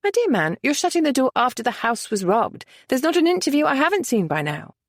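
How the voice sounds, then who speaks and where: A woman voicing a strong-willed young lady with an animated, rising-and-falling voice and a brisk, gently teasing way of talking. She is a narrator's own voice lifted a little, recorded dry and close. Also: sits high, dry recording, pitched above the performer's own voice, full character voice. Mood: lively.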